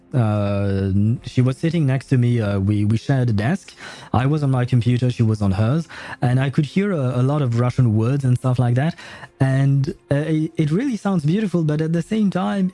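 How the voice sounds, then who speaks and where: Dark-voiced man, chatty and hesitant. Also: medium pitch. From France. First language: French. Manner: hesitant, full of filler sounds and chuckles. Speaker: streamer. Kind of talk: casual gameplay commentary.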